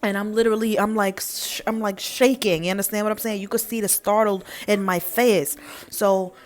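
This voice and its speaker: A woman's voice: medium pitch, steady tone, normal speed. A young woman telling an emphatic, profane story on her vlog. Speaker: vlogger.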